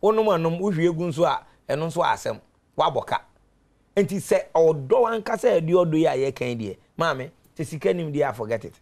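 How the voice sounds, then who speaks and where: A man on a talk show panel, telling animated stories and laughing often. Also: a little high, fairly quick.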